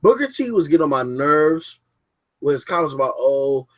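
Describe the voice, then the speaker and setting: A man's voice: on the high side, very animated, moderate pace. A young man hosting a casual podcast from his basement, rambling and cursing freely as he reviews wrestling and mocks a viewer who left. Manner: profane, rambling, mocking. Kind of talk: casual livestream podcast rant. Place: home basement.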